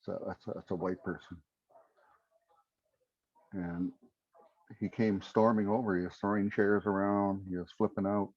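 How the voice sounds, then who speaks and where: Low, dark-toned man telling a story. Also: flat delivery, no room sound, highs cut off. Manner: unhurried, pausing storyteller. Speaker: prayer circle participant. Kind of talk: spoken storytelling on a video call. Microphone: video call.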